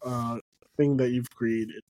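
A man's voice: medium pitch, fairly even intonation, slow, darkish tone. A man hosting a casual podcast chat, enthusiastic and swearing freely. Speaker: podcast host.

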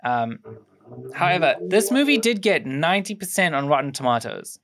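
A mid-range, sing-song voice with a fairly bright tone moves at normal speed. It belongs to a young adult co-host of a casual film review podcast who shares production trivia loosely, stumbling through ums, self-corrections and restarts while assembling the facts.

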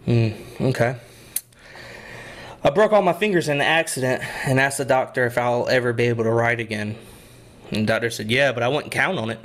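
A man in his thirties trading dad jokes in a casual chat, with a slow, drawn-out delivery and hesitant ums between jokes. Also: mid-range voice, fairly bright tone. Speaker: joke teller in a try-not-to-laugh game. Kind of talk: casual joke swapping.

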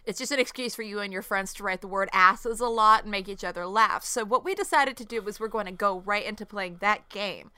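A woman co-hosts a comedy podcast with a blunt, joking manner and a bright, forward voice. Her pitch sits in a middle range, and the sound is close and dry. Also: fairly quick, few pauses, clean tone, dry recording. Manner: blunt, crude jokes. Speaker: podcast co-host. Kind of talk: casual comedic podcast chat.

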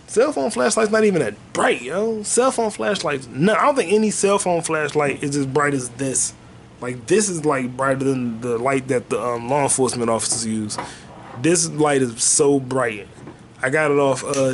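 A man hosting a podcast, riffing in a loose, jokey comedic monologue that jumps into high excited bursts. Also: slight background noise. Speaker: podcast host.

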